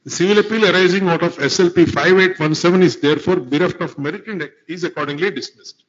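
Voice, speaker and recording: Captured in dull lo-fi courtroom sound, a high-pitched man speaks at a quick pace. He argues as an advocate, formal and deferential, constantly addressing the bench and often repeating "my lord."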